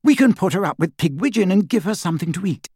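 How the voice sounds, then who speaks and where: A man's voice: high-pitched, animated, darkish tone, husky, no echo, clean studio sound, voice pushed up. A man reading aloud, voicing a motherly middle-aged woman who speaks coaxingly. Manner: coaxing, quick.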